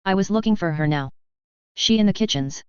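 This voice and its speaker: A woman's voice: medium pitch, animated, fairly quick, a little mellow, clean tone, dry recording, lightly acted. A woman reading the lines of a weary, dryly wry male warrior in a fan fiction story. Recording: slightly dull, dry lo-fi recording.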